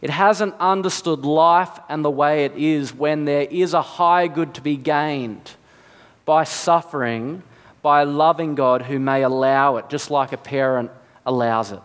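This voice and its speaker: A man's voice: a little high, a little slow, smooth, long reverb tail. A man preaching a sermon, reasoning aloud with rhetorical questions and acted asides.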